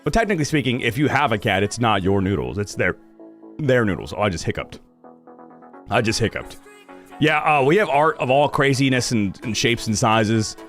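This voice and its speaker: Animated, ranting young male streamer. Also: mid-range voice, normal speed, faint music behind. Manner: animated, ranting, swears freely. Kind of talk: casual live-stream chat.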